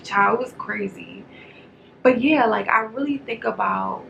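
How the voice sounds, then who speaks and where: A woman's voice: medium pitch, measured pace, vocal fry, a little hiss or hum, low-quality recording. A woman giving a casual, rambling movie review straight to camera. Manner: chatty, rambling, animated.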